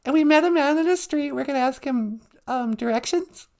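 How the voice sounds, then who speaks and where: A woman co-host telling an anecdote in a giggly, animated way. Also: high-pitched, a little fast, creaky.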